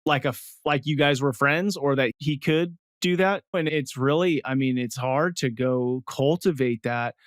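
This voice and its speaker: A man hosting a podcast, reflecting back on his guest's story in a thoughtful, measured way. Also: medium pitch, no echo, studio quality. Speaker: podcast host. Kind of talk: reflective interview talk.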